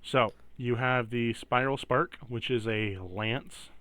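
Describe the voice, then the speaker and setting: A man's voice: mid-range voice, slow, bright, forceful tone, no echo. A man running a tabletop game as game master, explaining items in a loose, rambling way with many fillers.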